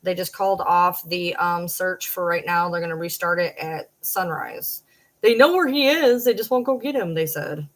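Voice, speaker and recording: With a fairly low voice, she speaks at normal speed and rarely pauses, on a rough recording. She's a roughly forty-year-old social media personality from downriver Detroit with a Michigan accent, bluntly chatting and cursing often with viewers on a late-night livestream.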